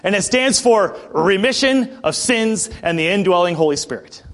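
A male preacher giving a sermon in a conversational storytelling way, often clearing his throat. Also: high voice, animated, moderate pace, fairly bright tone. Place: church building.

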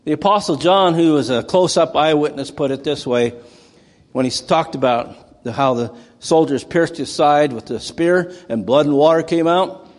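A man's voice: on the high side, normal speed, in a large hall. A male preacher giving a sermon, telling stories conversationally and rising into dramatic outbursts. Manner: conversational storytelling with dramatic bursts.

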